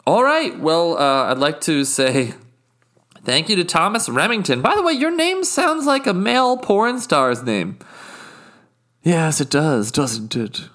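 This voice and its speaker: A man's voice: sits high, big pitch swings, unhurried, sharp tone. A man hosting an improvised comedy podcast, talking in a blunt, exasperated way. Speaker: podcast host.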